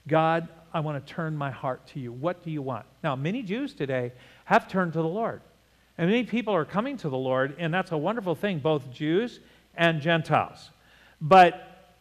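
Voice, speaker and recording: Older male pastor, emphatic sermon delivery, slightly high voice, reverberant hall. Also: fairly bright tone. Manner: emphatic preaching, repeats words, asks congregation to repeat.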